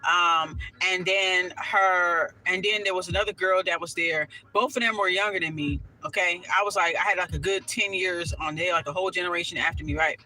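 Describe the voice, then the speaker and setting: A woman telling a personal story in a casual vlog, sassy and animated, swearing freely and full of asides. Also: lowish voice, brisk, hardly any pauses, slight background noise, low-quality recording.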